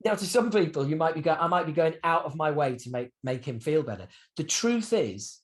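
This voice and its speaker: Animated man with lively swings. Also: fairly quick. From United Kingdom. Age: 50s. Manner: animated storyteller with swings in pitch and loudness, swears freely. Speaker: guest musician. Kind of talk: candid interview conversation.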